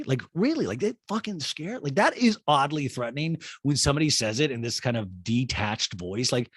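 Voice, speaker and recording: Animated rambling male podcast host. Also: medium pitch, normal speed, slightly rough, no room sound, studio quality. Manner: rambling, animated, swears, slips into impressions. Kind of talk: casual TV recap podcast.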